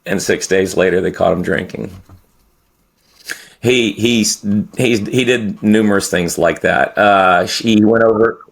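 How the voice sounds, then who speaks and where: A man's voice: lowish voice, a little slow, gravelly. A middle-aged man telling a story to podcast hosts in a rambling, profane way, stopping and restarting often. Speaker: podcast guest. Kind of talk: casual storytelling.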